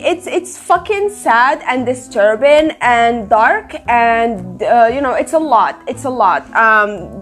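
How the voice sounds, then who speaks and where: A woman hosting a casual book review vlog, talking in an emphatic, animated way and swearing freely. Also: a little high. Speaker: book reviewer, channel host.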